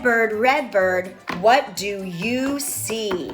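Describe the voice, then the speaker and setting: Woman in her forties, reading tutor, lively animated pitch, soft music behind, encouraging. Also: normal speed. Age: 40s. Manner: encouraging, instructive, talks to child and to parents. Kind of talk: home reading lesson with parent tips.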